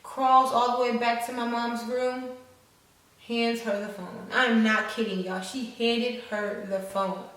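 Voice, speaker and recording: A woman's voice: a little high, level tone, unhurried, a bit bright. A woman in her twenties tells a story to her viewers in a frank, profane and dramatic way, calling them y'all. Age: 20s. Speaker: vlogger. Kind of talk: casual storytelling. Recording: echoey room, distant mic.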